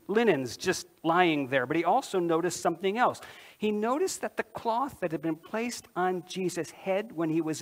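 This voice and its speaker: A man's voice: sits high, a bit bright, full character voice. A man preaching a dramatic first-person monologue, voicing Mary of Magdalene, a woman disciple who tells her story straight to the listeners and asks them questions. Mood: puzzled.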